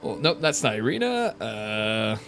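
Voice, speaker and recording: A man's voice: on the low side, sing-song, measured pace, fairly bright tone, soft background music. A man narrating as game master on a live stream, vivid and descriptive, with frequent uhs and restarts.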